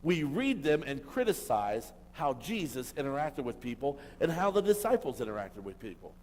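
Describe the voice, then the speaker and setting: A man preaches a sermon with emphatic rhetorical questions, rising to loud bursts and dropping to quiet asides. His voice sits at an ordinary middle pitch for a man. A long reverb trails his words through the church hall. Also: sing-song, normal speed. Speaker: pastor.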